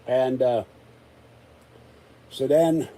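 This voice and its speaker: This vlogger speaks very slowly in a mellow, mid-range male voice over poor audio. Still getting over an illness, he rants during a casual live-stream chat, exasperated and rambling, restarting again and again.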